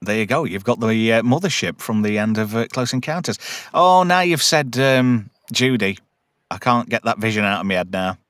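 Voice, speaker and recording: A man's voice: lowish voice, animated, normal speed, a bit bright, no echo, clean studio sound. A man hosting a casual film review chat, animatedly retelling scenes and humming theme tunes. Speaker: podcast host.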